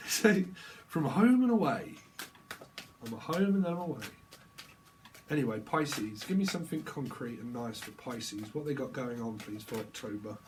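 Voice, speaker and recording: A man's voice: mid-range voice, a little mellow, slight background noise. A man giving a jokey, rambling tarot reading, drifting between silly asides. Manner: jokey and rambling, slips into silly voices and snatches of song. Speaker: tarot reader.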